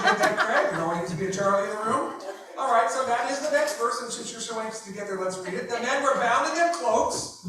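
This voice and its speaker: A man teaching a small group through a Bible passage, animated, asking questions and acting out the people in the story. He sounds distant from the mic in a very echoey room, with faint hiss underneath. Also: very high voice. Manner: animated, asks the group questions, acts out the king.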